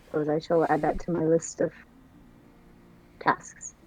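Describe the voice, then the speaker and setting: A woman voicing a dry, terse light elf hero with a husky voice. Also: low voice, a little slow, low-quality recording. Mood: deadpan. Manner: deadpan, short replies.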